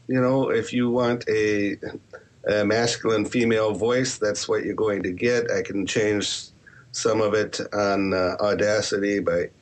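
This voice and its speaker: A man who writes horror and podcasts, answering interview questions in a candid, rambling way with self-deprecating asides. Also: fairly low pitch. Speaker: author and podcaster.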